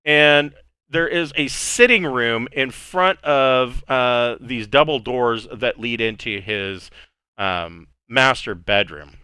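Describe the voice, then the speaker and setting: A man runs a tabletop game as game master, narrating in a relaxed, rambling way with lots of fillers. His voice is bright and smooth, and it sounds close and dry. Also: mid-range voice, takes it slowly, no echo.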